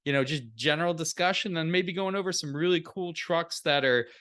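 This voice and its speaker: A man's voice: a little high, a little fast, a bit bright. A man co-hosting a podcast in casual chat, laid-back and joking, laughing often and swearing freely. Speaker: podcast co-host.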